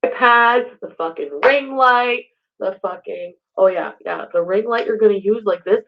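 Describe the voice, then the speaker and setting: A woman's voice: mid-range voice, normal speed, gravelly, lo-fi sound. A woman livestreaming, swearing heavily and raging at someone who is not there. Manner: swearing, raging, addressing an absent man. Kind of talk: angry livestream rant.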